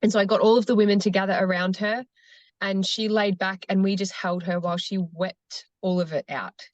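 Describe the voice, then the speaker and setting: A woman who facilitates cacao ceremonies, speaking slowly and earnestly as a guest on a podcast. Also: mid-range voice, fairly even intonation, dry recording. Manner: slow, earnest storytelling. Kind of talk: podcast conversation.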